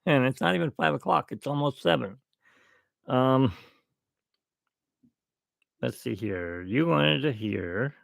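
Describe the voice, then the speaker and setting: Male streamer host, gravelly, dry close sound, jokey rambling delivery. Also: medium pitch, expressive, slow, pauses often, a bit bright, no echo. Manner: rambling, joking, self-mocking. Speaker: YouTube channel host. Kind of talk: casual live stream chat. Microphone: desk microphone.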